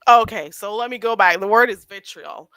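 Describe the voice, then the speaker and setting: A woman hosting a livestream, chatting in a sassy, animated way and laughing often. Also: medium pitch, normal speed, smooth, no echo. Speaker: livestream host. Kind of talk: casual commentary chat.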